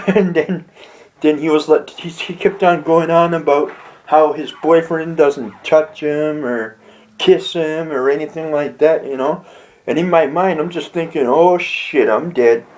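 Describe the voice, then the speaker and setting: A man's voice: on the high side, a little slow, a little mellow, low-quality recording. A young man casually telling a rambling comic story, stumbling over and repeating his words and laughing at his own jokes. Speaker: amateur comedy vlogger.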